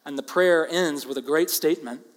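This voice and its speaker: A man with a somewhat high voice delivers an earnest expository sermon. He leans hard on key words and then drops to quiet asides. His voice carries a long reverb, as if from a large hall or sanctuary. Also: normal speed. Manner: earnest, emphatic, swings between loud stress and quiet asides. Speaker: preacher.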